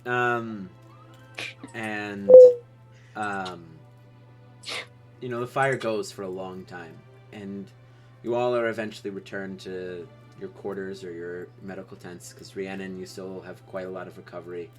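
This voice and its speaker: A man's voice: sits low, fairly even intonation, a little slow, faint music behind. A man narrating as game master in a live tabletop game, loose and hesitant in delivery. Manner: loose, hesitant with fillers, friendly.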